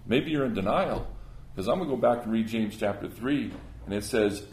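A man's voice: fairly low pitch, lively intonation, moderate pace, darkish tone, roomy sound. A man preaching a sermon, earnest and conversational, often restarting his words.

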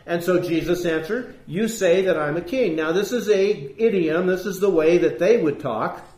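Male preacher, emphatic sermon delivery, a touch high, echoey space. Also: moderate pace, darkish tone. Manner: earnest, emphatic, rising on key points. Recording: roomy echo.

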